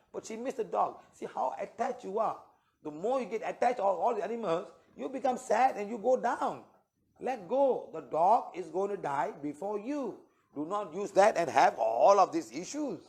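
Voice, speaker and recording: A man with a fairly high, creaky, slightly mellow voice teaches a healing workshop to an audience. He lectures in short spoken phrases, repeatedly checking in with "okay?" and "huh?", and retells his clients' words as quick quoted exchanges.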